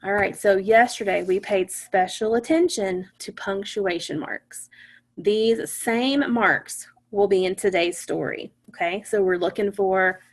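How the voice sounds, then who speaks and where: A woman teaching a phonics lesson to young children, patient and encouraging, sounding out words slowly. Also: medium pitch.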